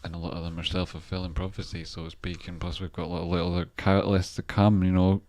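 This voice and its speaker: A man's voice: low voice, little pitch movement, quick pace, a little mellow, no echo. A man hosting a casual live stream, rambling and thinking aloud about stock charts, with the odd swear word. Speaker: trader and channel host.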